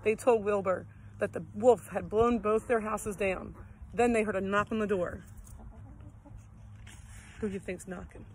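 A woman tells a children's story in a gentle, expressive read-aloud manner, at a middling pitch. Faint outdoor noise hums behind her. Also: unhurried, pauses often, poor audio.

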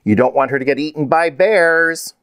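A man's voice: fairly high pitch, brisk, dry recording, pitched above the performer's own voice, natural voice. A man reading a storybook aloud and voicing a protective mother who warns her daughters. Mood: cautioning. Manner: warning, cautious. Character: protective mother, warning and caring.

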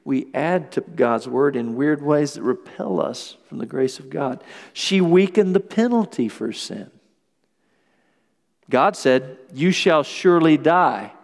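A man preaching a sermon as pastor, lively and acting out quoted voices. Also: fairly high pitch, slow, vocal fry, big-room sound. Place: church sanctuary.

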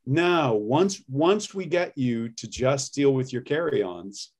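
A man who works as an accent and acting coach, explaining his methods in a relaxed conversational interview and laughing easily. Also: medium pitch, takes it slowly.

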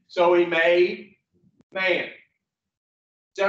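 A man's voice: high-pitched, level tone, slow, pauses often, fairly bright tone. A man teaching a recovery program class in a blunt, profane, joking way, telling folksy stories. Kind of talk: folksy storytelling lesson. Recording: distant, roomy, muffled.

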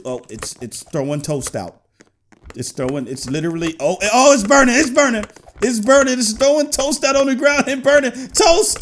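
A young man giving playful, excitable commentary on a video game, joking, shouting and singing little bits as he plays. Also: high voice, a little hiss or hum. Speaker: gaming YouTuber. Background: game music.

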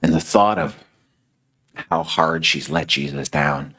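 Very deep, husky-voiced male preacher. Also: unhurried, sharp tone. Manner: conversational, many fillers like "you know". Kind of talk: storytelling sermon.

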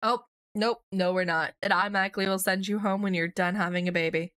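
A young woman hosting a casual let's play, chatting through her game and voicing quick lines for her characters. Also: mid-range voice, steady tone, a bit bright, no room sound. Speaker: gaming channel host.

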